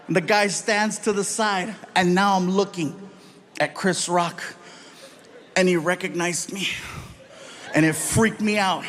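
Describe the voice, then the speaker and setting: A middle-aged man telling a stand-up story in an animated, loud way, acting out each scene. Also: sits high, unhurried, pauses often. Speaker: stand-up comedian.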